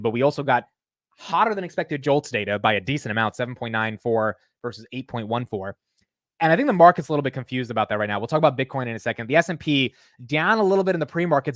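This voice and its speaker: A man hosting a casual livestream of market commentary, animated and blunt, swearing casually. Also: mid-range voice, no echo, clean studio sound. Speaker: host.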